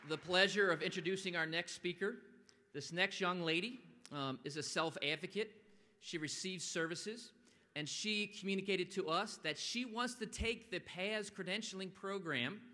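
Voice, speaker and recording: Animated man speaking in an echoing hall. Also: sits high. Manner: animated, acts out quotes with loud bursts. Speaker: event speaker. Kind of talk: motivational speech. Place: large stone atrium. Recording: long echo of a large hall.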